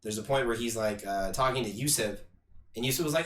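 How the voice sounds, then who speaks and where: A man's voice: medium pitch, a little fast, fairly bright tone. A young man co-hosting a casual movie podcast, eagerly recapping scenes, acting out quotes and swearing freely. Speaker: podcast co-host. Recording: roomy echo, distant mic, faint hiss.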